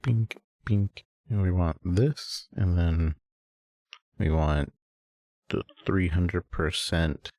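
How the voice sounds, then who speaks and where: A man streaming a game with casual commentary, relaxed and muttering to himself. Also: sits low, very slow, dry recording, clean studio sound. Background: faint game music.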